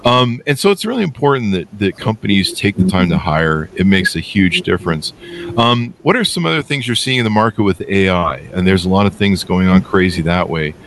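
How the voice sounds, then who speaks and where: A man hosting a podcast interview, chatting casually and telling stories in a lively, animated way. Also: a little fast, a little hiss or hum. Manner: animated storyteller, pitch jumps up when quoting himself. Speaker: podcast host.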